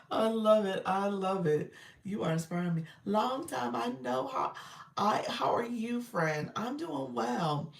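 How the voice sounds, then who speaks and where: Congested from an illness, a woman coaches live hosts on a livestream, greeting viewers by name and laughing often in casual chat. Her mid-range voice is creaky, and the sound is roomy with a distant mic.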